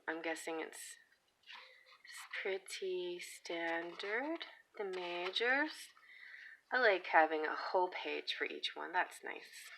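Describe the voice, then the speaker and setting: A woman's voice: sits low, sharp tone, low-quality recording. A woman chatting casually as she flips through and reviews a tarot deck, with frequent giggles and trailing asides.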